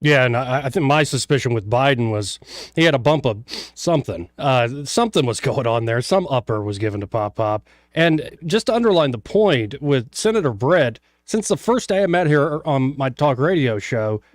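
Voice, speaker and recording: A man's voice: medium pitch, expressive, normal speed, dry recording. Male talk radio host in a dry studio. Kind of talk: casual radio interview.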